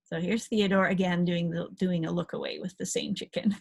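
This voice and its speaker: A woman's voice: on the low side, fairly even intonation, fairly quick, a little mellow, a little hiss or hum. A woman dog-behavior trainer giving a chatty recorded lecture, talking through slide photos with small laughs.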